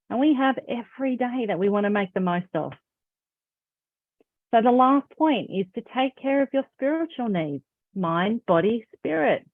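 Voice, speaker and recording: A woman's voice: on the high side, animated, moderate pace, no echo. Woman coach, upbeat and emphatic, pushing you to act, tinny call audio. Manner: encouraging, emphatic. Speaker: confidence coach. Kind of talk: motivational talk. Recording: phone-like narrow sound.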